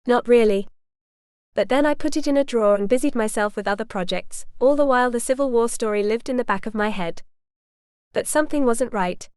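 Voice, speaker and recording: A woman's voice: fairly high pitch, a little mellow, smooth, no room sound, studio quality, lightly acted. A woman voicing an eager showman filmmaker. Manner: eager, theatrical, effusive. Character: enthusiastic male filmmaker, charming showman.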